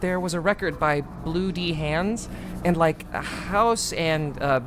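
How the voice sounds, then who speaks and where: A man's voice: a little high, takes it slowly, background noise. A man reading as a dazed young woman singer.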